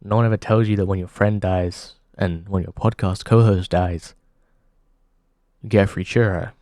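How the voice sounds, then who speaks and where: A man hosting a comedy show, delivering a halting deadpan monologue full of pauses. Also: low voice, no room sound, clean studio sound.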